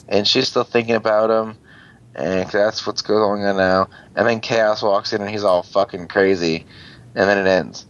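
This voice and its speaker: A man casually recapping a show episode, rambling, swearing and acting out characters' lines. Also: vocal fry. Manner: rambling, swears, acts out quotes in higher voices. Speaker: podcast host recapping an episode. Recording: dull lo-fi sound.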